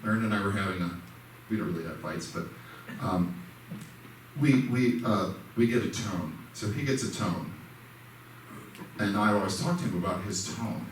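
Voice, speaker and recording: A man's voice: lowish voice, very animated, normal speed. Man giving a church lesson in an echoey hall. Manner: conversational, self-deprecating, acts out quoted dialogue. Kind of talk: casual spoken church lesson. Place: church sanctuary. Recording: echoey hall, mic far off, faint noise.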